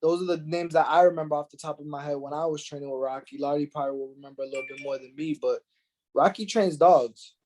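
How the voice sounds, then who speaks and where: A middle-aged man hosting a podcast, telling stories in an animated, profane way and acting out the quotes. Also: fairly high pitch, quick pace. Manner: animated, profane storyteller who acts out quotes. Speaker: podcast host. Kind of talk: casual podcast chat.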